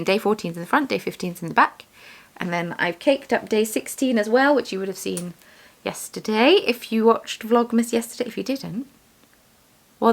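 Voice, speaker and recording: A woman's voice: medium pitch, creaky, a bit bright. A young woman vlogger chatting casually while she does bead weaving, rambling and poking fun at herself. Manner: rambling, self-deprecating, chatty. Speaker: vlogger, yarn dyer and shop owner.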